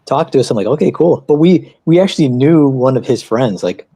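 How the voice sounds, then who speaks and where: A man chatting casually on an art livestream, telling rambling anecdotes in an animated way. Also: medium pitch, brisk, slightly rough, no echo. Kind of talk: casual chat.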